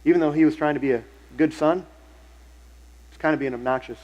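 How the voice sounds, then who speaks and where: Higher-voiced man preaching conversationally. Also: a little fast, a little mellow, lo-fi sound. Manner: conversational storytelling, repeats phrases for emphasis. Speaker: pastor. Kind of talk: sermon. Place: church sanctuary.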